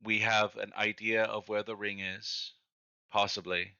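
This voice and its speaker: A man's voice: lowish voice, little pitch movement, a little slow, creaky, bright, forceful tone, smooth, no echo, muffled recording. A man playing a tabletop game over voice chat, joking and playful. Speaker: player.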